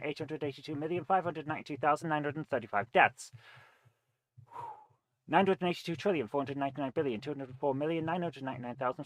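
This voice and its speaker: A man's voice: on the high side, no echo. A man chatting casually on a live game stream, rambling, reading viewer comments aloud and eating between remarks. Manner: rambling, reads chat aloud, eats while talking.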